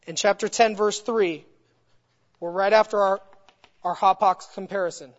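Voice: mid-range voice, steady tone, normal speed. Emphatic Bible teacher in an echoey hall. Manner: emphatic, builds points through repetition. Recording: echoey hall, dull lo-fi sound.

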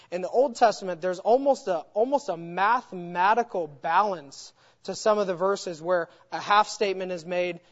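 An adult Bible teacher gives an expository lesson at a mid pitch, stressing key words and building each point through repetition. The voice rings with a long hall echo. The sound is dull and lo-fi.

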